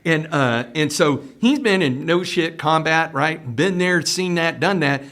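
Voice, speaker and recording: A man's voice: fairly high pitch, unhurried, a bit bright. A middle-aged man hosting a podcast, telling stories in a casual chat and often tagging his lines with "right?". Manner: storytelling, tags lines with "right?". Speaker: podcast host.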